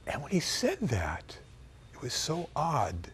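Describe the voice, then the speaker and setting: An older man telling a personal memory in a reflective, emotional way, dropping to a hush at times. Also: medium pitch, wildly swooping pitch, a little slow, slightly rough. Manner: reflective and emotional, with quiet hushed passages. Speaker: storyteller recounting a personal memory. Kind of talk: personal storytelling to camera.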